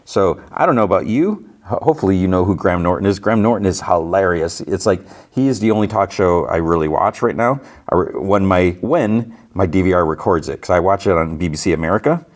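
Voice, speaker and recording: A man's voice: low-pitched, animated, a little fast, hardly any pauses. A man hosting a podcast, casually recapping a TV episode in a rambling way with lots of "like" and fillers. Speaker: podcast host.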